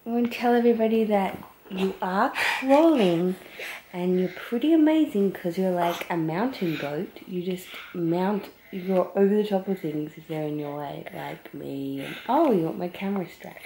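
A woman's voice: fairly low pitch, moderate pace, dark tone, slight background noise. An Australian woman vlogging at home in a guest room, chatting into a handheld camera and using playful sing-song baby talk with her son. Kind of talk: casual home vlog.

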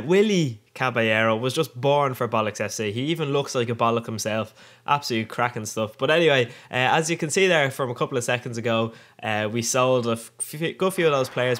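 A young man with an Irish accent doing cheeky, excitable voice-over commentary on his own gameplay, laughing often. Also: medium pitch. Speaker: gaming channel host.

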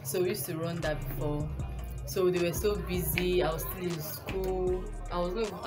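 A young woman with a Nigerian accent, telling a storytime as a vlogger, rambling and correcting herself, with frequent laughs. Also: fairly low pitch. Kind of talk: casual storytime. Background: background music.

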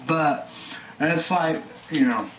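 A man's voice: fairly high pitch, takes it slowly, noisy background. A man giving a rambling, heated vlog rant, swearing and leaning on "you know" and "stuff like that". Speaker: energy drink reviewer vlogger.

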